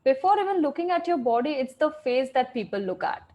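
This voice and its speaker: Brief: a high-pitched woman, an animated teacher who quizzes the kids and praises them, heard over a video call. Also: fast talker. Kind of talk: online class for children.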